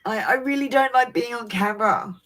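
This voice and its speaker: This woman reads tarot over a live webcam stream, first apologetic and flustered about her setup, later delivering calm, steady predictions. She speaks fairly quickly, her voice on the high side.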